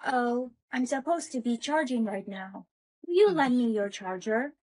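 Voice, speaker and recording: A curious young female robot, played by a woman, who asks polite, literal questions in a high, bright voice. She stays earnest and inquisitive throughout a short online POV skit. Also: lively intonation, normal speed. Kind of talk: TikTok POV skit acting.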